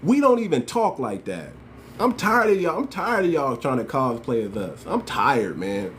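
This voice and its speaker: A man's voice: medium pitch, big pitch swings, moderate pace, fairly bright tone, a little hiss or hum. A man from the United States hosting his channel with impassioned political commentary, slangy and emphatic, repeating his points as he talks straight to his viewers. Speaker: channel host.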